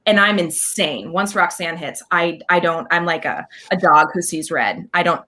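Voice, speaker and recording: A woman guest talking in an animated, casual interview, scatting rhythms and acting out what others said. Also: low voice. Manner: animated, scats dance counts, acts out quotes. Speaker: guest performer.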